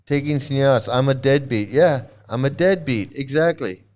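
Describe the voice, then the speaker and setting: Middle aged guy ranting on his stream, swears a lot, laughs, smooth voice. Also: medium pitch, moderate pace, a little mellow. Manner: mocking, profane, laughs often, repeats himself. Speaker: livestream host. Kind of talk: profane ranting commentary.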